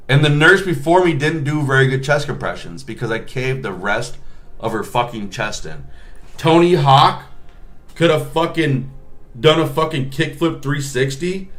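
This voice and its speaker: A man's voice: mid-range voice, animated, unhurried, a bit bright. A man, a nurse, telling a work story in a profane, rambling, casual vlog style.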